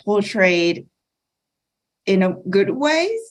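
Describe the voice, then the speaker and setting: A woman from Okinawa, a guest on a podcast panel who explains her points in a thoughtful, measured way. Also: medium pitch, sing-song. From Okinawa, Japan. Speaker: guest speaker.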